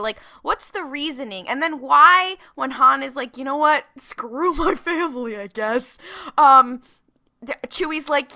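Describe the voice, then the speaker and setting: A woman co-hosting a podcast in casual chat, animated and rambling with frequent restarts. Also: high voice. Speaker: podcast co-host.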